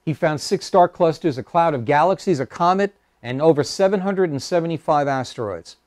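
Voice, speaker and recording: A man's voice: a little high, lively intonation, fairly quick, darkish tone, no echo, clean studio sound. A man giving an informal lecture to an astronomy club, hesitant with many fillers, mixing facts with wry asides. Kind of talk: public lecture with slides. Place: meeting room.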